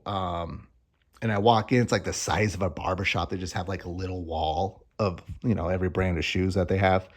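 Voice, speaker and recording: A man's voice: low voice, fairly even intonation, brisk. A young man vlogging in a casual, rambling way, joking and swearing offhand. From Arizona. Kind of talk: casual chat.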